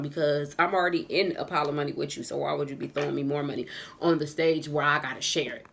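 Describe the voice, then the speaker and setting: A woman telling a casual storytime vlog story as she does her makeup at home. She is animated and laughs often. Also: deep voice, fast talker, creaky. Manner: animated, laughs often, says "y'all" a lot. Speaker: vlogger. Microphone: camera on a tripod.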